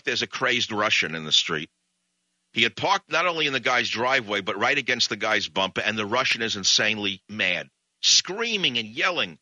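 A man's voice: medium pitch, bright, forceful tone, dry recording. A man hosting a talk show, telling a comic, rambling anecdote into a studio microphone. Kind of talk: comic storytelling monologue.

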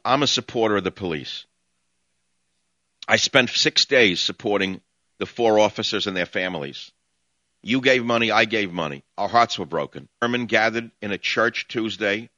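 A man's voice: fairly low pitch, pushed and bright, dry recording, highs cut off. A man with a New York accent hosting call-in talk radio, ranting in a brash, sardonic, rambling way.

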